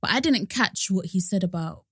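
A woman's voice: mid-range voice, expressive, a bit bright, slightly rough, no room sound. Chatty young woman, dry sound. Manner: chatty, laughs often, quick asides. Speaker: podcast co-host. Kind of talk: casual chat.

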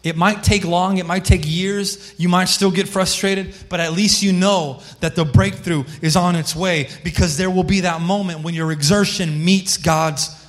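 A man's voice: high voice, steady tone, normal speed, few pauses, soft background music. A male pastor preaching a sermon with passion, calling on people in the congregation by name. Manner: impassioned, calls on listeners by name. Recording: long hall reverb.

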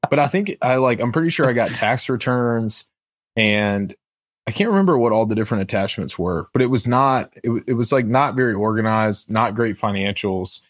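A man's voice: mid-range voice, lively intonation, moderate pace, no room sound, clean studio sound. A man co-hosting a podcast, chatting casually and laughing often at his own expense. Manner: self-deprecating, laughs often. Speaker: podcast co-host. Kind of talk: casual chat.

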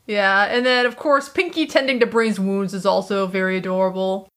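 A woman co-hosting a casual chat, lively and full of fillers, acting out quoted lines now and then. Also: mid-range voice, moderate pace. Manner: animated, many fillers, acts out quoted lines. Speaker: podcast co-host.

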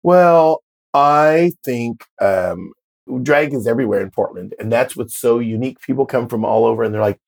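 A man's voice: medium pitch, normal speed, gravelly. A man in his fifties, a drag performer, telling stories in a casual interview and acting out the voices of the people he quotes. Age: 50s. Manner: animated storyteller, acts out quoted voices.

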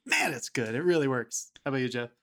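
A man's voice: mid-range voice, sing-song, fast talker, sharp tone. Enthusiastic man in casual podcast chat. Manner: enthusiastic, swears freely. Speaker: podcast co-host.

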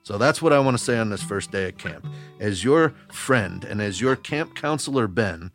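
A man from Wisconsin working as a camp counselor, telling a personal story to children in a gentle, earnest way with a chuckle now and then. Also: fairly low pitch, lively intonation, normal speed, faint music behind.

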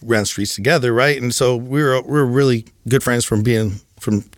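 Podcast guest, a man in his thirties, candid and profane, halting restarts, mid pitch, dry room. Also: dry recording. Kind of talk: casual storytelling.

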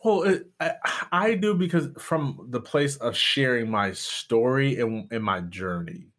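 A pastor in his younger adult years speaks candidly and earnestly as a guest on an interview podcast. He retells events with animated energy, repeating words and restarting phrases as he goes. He is a man from Michigan with a middle-pitched voice. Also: measured pace. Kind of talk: candid storytelling and conversation.

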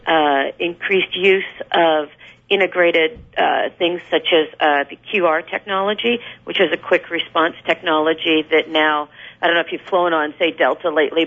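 A woman guest on a radio show, explaining marketing with many fillers and a gravelly voice. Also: deep voice, moderate pace. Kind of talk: radio interview answers. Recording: dull lo-fi radio recording.

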